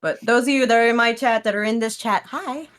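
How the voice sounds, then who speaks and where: Laughing, animated woman streamer. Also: on the high side, fast talker, background noise. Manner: animated storyteller, acts out her own reactions, laughs often. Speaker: podcast guest, streamer. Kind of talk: casual interview chat.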